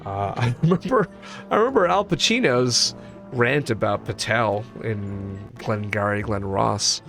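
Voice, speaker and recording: Rambling man with a gravelly voice. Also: fairly low pitch, animated, measured pace, a bit bright, soft background music. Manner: rambling, self-correcting, jokey. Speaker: streamer playing a game. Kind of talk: casual gaming chat.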